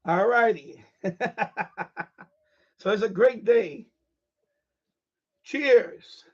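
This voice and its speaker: High-voiced, boisterous man streaming live. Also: drawn-out words, lo-fi sound. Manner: boisterous, profane, laughs often. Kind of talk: casual live-stream chat.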